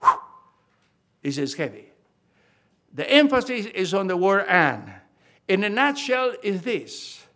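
A man's voice: sits high, big pitch swings, slow pace, long pauses, sharp tone. An older man preaching a sermon, talking emphatically, repeating key phrases and often restarting his sentences.

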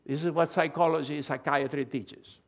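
High-voiced emphatic male preacher. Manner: emphatic, animated, swings from loud to hushed; halting restarts and repeated words. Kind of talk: sermon.

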